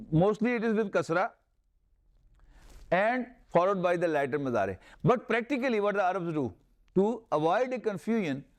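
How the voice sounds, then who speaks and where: A man with a Pakistani accent teaching Arabic grammar in a classroom lecture, explaining step by step, repeating terms and reciting verses. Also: high-pitched.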